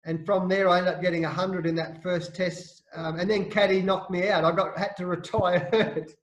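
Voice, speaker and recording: A middle-aged Australian man, a former cricketer, telling animated stories with restarts in a casual interview. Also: sits high, moderate pace, echoey room, low-quality recording. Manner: animated anecdotes with frequent restarts and laughs.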